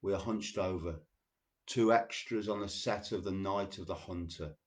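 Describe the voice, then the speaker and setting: A man hosting a show, reading poems slowly and deliberately and chatting loosely between them. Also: low-pitched. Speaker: radio show host. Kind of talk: poetry reading with casual asides.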